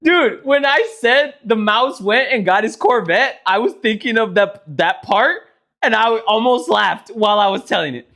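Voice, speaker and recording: A young man co-hosts a podcast in a loose, chatty way, swearing casually as he tells stories. His pitch swings widely from low to high. He sounds relaxed and animated. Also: normal speed. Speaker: podcast co-host. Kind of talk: casual chat and joke telling.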